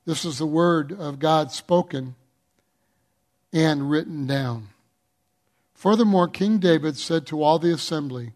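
A man's voice: on the high side, a little mellow. A man preaching a sermon as pastor, earnest and pleading, with emphatic swells and scripture read aloud. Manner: reads scripture aloud slowly.

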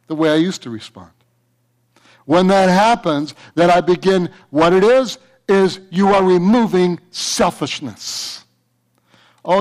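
A man preaching a sermon to his church, fervent and repetitive, breaking into a story. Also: high-pitched. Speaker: pastor.

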